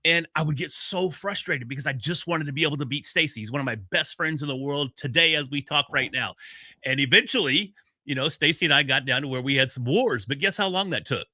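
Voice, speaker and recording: Middle-aged guy telling punchy salty stories, bright forceful voice, slightly high, dry sound. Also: brisk, no echo. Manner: animated storyteller, blunt and profane. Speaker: podcast consultant guest. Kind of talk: casual storytelling chat.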